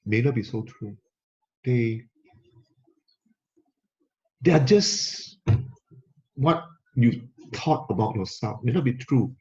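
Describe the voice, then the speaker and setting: Slow, emphatic motivational speaker man. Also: fairly high pitch, mellow. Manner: repetitive, emphatic, coaching. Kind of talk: motivational talk to camera. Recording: slightly muffled lo-fi recording.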